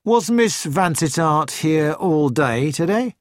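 A man's voice: on the high side, lively intonation, slow pace, no room sound, studio quality. A man reading as a grim police inspector. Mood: grave. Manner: grave, questioning.

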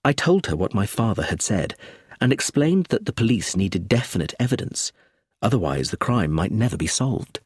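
Husky expressive male storyteller. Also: on the low side, normal speed, no echo, studio quality. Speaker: audiobook narrator. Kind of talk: first-person storybook narration.

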